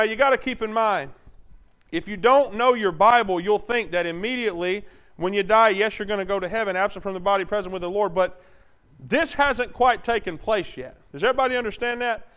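A man's voice: sits high, a little fast, fairly bright tone, clean tone. A male preacher reading scripture and preaching a sermon, emphatic and repetitive, often checking in with the congregation. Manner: emphatic, repeats phrases, asks the audience questions; reads scripture aloud with stress on single words.

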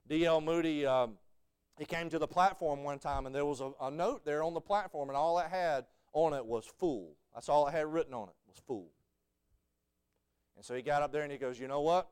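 A male preacher delivers a folksy sermon full of stories. His voice is smooth and resonant and sits fairly high. He builds from easy storytelling to shouted fervor.

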